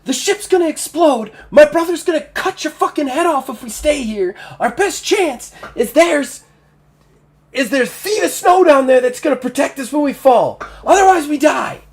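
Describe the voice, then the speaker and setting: A shrill screaming captive woman. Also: animated, normal speed, a little mellow. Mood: urgent. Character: furious young woman captive, cuffed to the hero.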